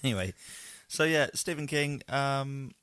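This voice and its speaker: A man's voice: medium pitch, expressive, measured pace, fairly bright tone, clear, resonant tone, dry recording, studio quality. A man co-hosting a podcast, chatting casually and rambling, with frequent swearing. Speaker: podcast co-host. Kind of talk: casual chat.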